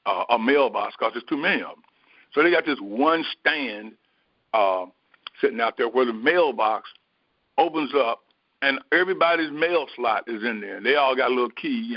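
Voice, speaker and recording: A man preaching by telling a personal story in a folksy, animated way, with many fillers. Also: medium pitch, no echo. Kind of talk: storytelling sermon. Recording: dull, dry lo-fi recording.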